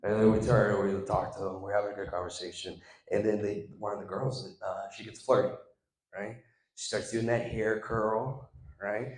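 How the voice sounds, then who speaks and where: A young man doing stand-up, telling an animated story and acting out the other people in it. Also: lowish voice, moderate pace. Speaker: stand-up comedian. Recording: echoey room.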